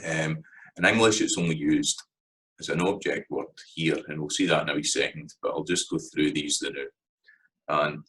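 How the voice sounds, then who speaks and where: A man with a Scottish accent giving a casual spoken lesson, relaxed and hesitant, with many fillers and restarts. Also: very deep voice, normal speed, rough recording. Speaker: language teacher.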